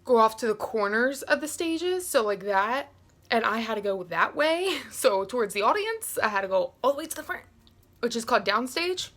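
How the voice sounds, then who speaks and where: Chatty young woman vlogger, high voice. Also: moderate pace. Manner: animated, dramatic storytelling with many fillers. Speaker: beauty vlogger. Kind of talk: casual storytelling vlog.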